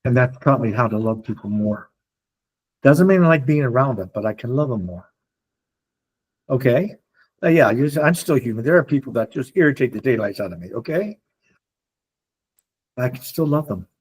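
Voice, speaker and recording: An older man speaking to a support group, telling stories in an animated way and acting out the voices of the people in them. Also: mid-range voice, slightly rough. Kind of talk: storytelling talk to a group.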